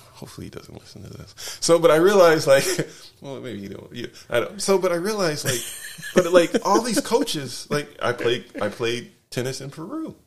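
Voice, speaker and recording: A man's voice: a little high, sing-song, a little fast, gravelly, hardly any pauses. A man casually telling a rambling travel story, full of fillers, restarts and tag questions.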